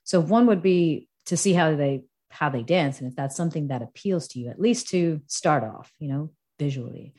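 Woman, podcast co-host, giggly and expressive, lowish voice, easygoing chat. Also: normal speed, hardly any pauses. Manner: giggly, laughs often mid-sentence; expressive, acts out her own reactions.

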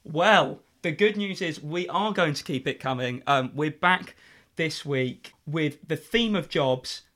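A man's voice: on the high side, unhurried, fairly bright tone. A young adult man co-hosting a casual podcast chat, joking and making wry asides. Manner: jokey, reads out listener reviews with wry asides. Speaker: podcast co-host.

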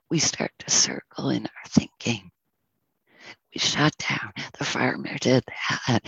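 A teacher telling a parable in a slow, soft, often whispered teaching talk. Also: medium pitch, gravelly, husky, dry recording, lo-fi sound.

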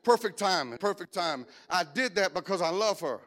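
A middle-aged male preacher delivers his sermon in a loose, lively way, slipping in jokes and stories as he goes. His voice sits notably high for a man. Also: fairly quick. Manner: lively, joking storytelling preacher style.

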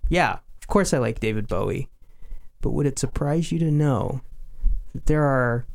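A man's voice: medium pitch, moderate pace, creaky. Joking man co-hosting a radio show. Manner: joking, self-mocking, animated. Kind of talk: casual radio chat.

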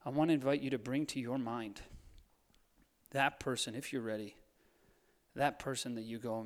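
A man preaching a sermon, moving between quiet hushed lines and fired-up urging, with a playful streak. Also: medium pitch, steady tone, normal speed, pauses often. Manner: playful, laughs at his own jokes. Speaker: pastor. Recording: long hall reverb.

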